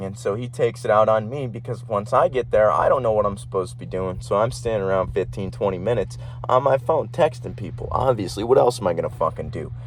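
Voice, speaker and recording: Young guy venting about work, swears a lot, rambles, low hum behind him. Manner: profane, rambling, heated. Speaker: podcast host. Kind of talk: casual ranting monologue.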